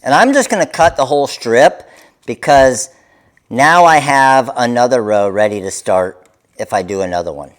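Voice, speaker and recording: A man's voice: mid-range voice, lively intonation, moderate pace. A man hosting a live craft tutorial, talking viewers through each step in an upbeat way. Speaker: craft demonstrator.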